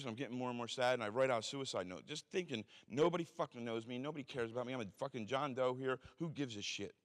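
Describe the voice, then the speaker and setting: Man, quick and crude storyteller, self-mocking, long hall echo. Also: medium pitch. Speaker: speaker telling his life story. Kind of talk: profane storytelling talk. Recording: reverberant hall.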